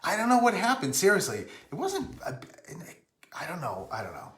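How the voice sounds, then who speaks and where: A man's voice: sits high, huge pitch swings, moderate pace, fairly bright tone, reverberant. A man from Rhode Island hosting a casual live stream, rambling and breaking off to greet viewers by name.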